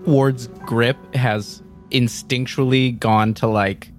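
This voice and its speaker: A man playing a tabletop role-playing game, describing his character haltingly with many fillers. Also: medium pitch, fairly even intonation, soft background music. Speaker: player.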